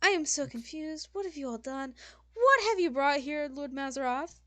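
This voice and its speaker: A flamboyant, snobbish male fashion lord in a tabletop game, put on by a woman, scolding in a shrill, dramatic way. His voice sits high and comes out loud and bright. The sound is close and dry. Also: expressive, moderate pace, dry recording.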